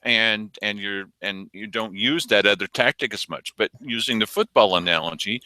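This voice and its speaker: A man's voice: fairly low pitch, sing-song, normal speed, few pauses, bright, forceful tone, no echo. A man hosting a casual political commentary show, wry and teasing. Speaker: news commentary host.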